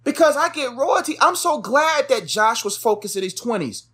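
A man's voice: very high voice, big pitch swings, moderate pace, fairly bright tone, breathy edge. A young man co-hosting a podcast, giving emphatic, preachy life advice in a casual chat, repeating phrases for stress. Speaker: podcast co-host. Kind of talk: casual motivational talk.

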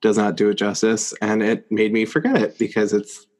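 A man's voice: on the low side, steady tone, normal speed, a little mellow. A man co-hosting a podcast in casual chat, rambling with many "like" fillers. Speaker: podcast co-host.

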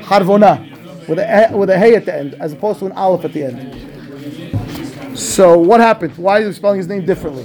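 A man, a rabbi, teaching a class on a scriptural text, asking questions and answering them himself in a lively way. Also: sits high. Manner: animated, asks and answers his own questions. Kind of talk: Torah class commentary.

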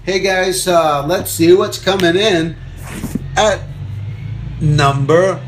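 A man's voice: sits high, slow pace, noisy background. A man hosting a podcast, telling a meandering comic story in a chatty way and acting out other people's lines. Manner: chatty, meandering, acts out quoted voices. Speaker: podcast host. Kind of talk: rambling comic monologue.

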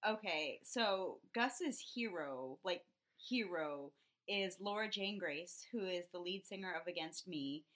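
A woman co-hosting a comedy podcast, telling stories with a teasing, animated manner. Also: lowish voice, slow. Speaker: podcast co-host. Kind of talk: casual comedic chat.

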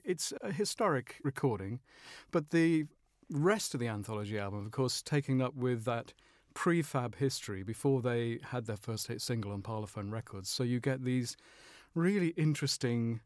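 British man, measured music storyteller. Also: medium pitch, a little mellow, dry recording, clean studio sound. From Britain. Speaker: music journalist. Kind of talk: conversational discussion.

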